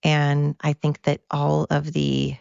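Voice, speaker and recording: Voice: medium pitch, monotone, takes it slowly, gravelly, a little mellow, clean tone, dry recording. An American podcast host in a casual, profane monologue, tired from overwork and going off on tangents. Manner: rambling, profane, goes off on tangents. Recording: dull lo-fi dry recording.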